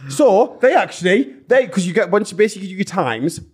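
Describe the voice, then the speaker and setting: A man's voice: high voice, big pitch swings, brisk, breathy edge. A man telling a candid, rambling story as a podcast guest, restarting his sentences and swearing freely. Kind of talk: casual gossipy storytelling.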